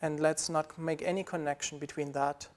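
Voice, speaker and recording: A man's voice: fairly high pitch, level tone, moderate pace. Earnest man preaching a sermon. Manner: earnest, pleading, repeats phrases. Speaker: pastor.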